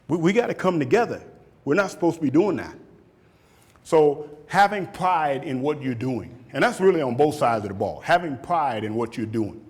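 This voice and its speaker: A man in his fifties, a football coach, giving a motivational talk and taking questions, animated and repeating words for emphasis. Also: medium pitch, breathy edge. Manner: animated, acts out shouted quotes, laughs often. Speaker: football coach speaking at a camp.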